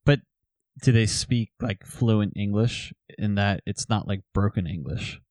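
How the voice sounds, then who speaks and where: A man's voice: on the low side, measured pace, darkish tone, no echo. A man co-hosting a podcast in casual chat, rambling and restarting his sentences. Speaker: podcast co-host.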